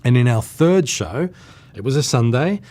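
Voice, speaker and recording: A man's voice: medium pitch, animated, normal speed, dark tone. A middle-aged man with an Australian accent rambles through fond memories in a loose, conversational way. He tells his stories with frequent chuckles and the odd restart, like a performer thinking back over his career. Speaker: entertainer recalling his career. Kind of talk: casual reminiscing monologue.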